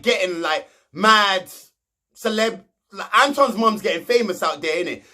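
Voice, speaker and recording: Young male vlogger, high-pitched, rambling and sarcastic casual recap. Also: a bit bright. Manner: slangy, mocking, rambling. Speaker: reality show recap host.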